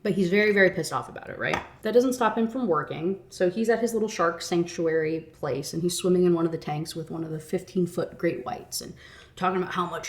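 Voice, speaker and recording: A woman's voice: fairly low pitch, brisk. A young woman retelling a novel in a casual rant review, chatty, swearing, and full of "like". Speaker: book reviewer.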